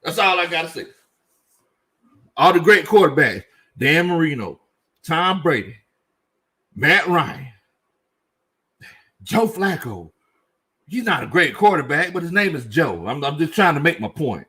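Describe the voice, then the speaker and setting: A man hosts a loose sports talk stream, his voice pitched high and swinging widely up and down. He jokes as he goes and hammers his points home by repeating them, in a bright, forceful tone. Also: measured pace, long pauses, husky. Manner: animated, joking, repeats himself for emphasis. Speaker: sports show host. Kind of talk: casual sports commentary livestream reading chat.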